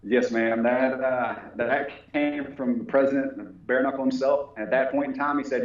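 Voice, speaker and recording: A man's voice: medium pitch, fairly even intonation, normal speed, hardly any pauses. A polite, humble man talking about his fight training and telling stories in a casual interview. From United States. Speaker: fighter and police officer. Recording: very echoey, dull audio.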